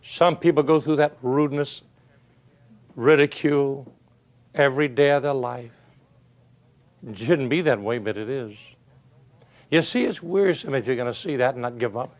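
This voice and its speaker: An older man giving a motivational talk, telling folksy stories and asking rhetorical questions, swinging from loud to hushed. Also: medium pitch, normal speed, long pauses. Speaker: motivational speaker. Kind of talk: motivational speech.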